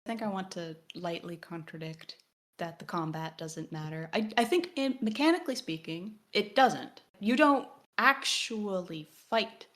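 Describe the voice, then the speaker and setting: A woman's voice: mid-range voice, expressive, a little slow, a bit bright. A woman co-hosting a podcast in casual discussion, analytical with wry joking asides. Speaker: podcast co-host.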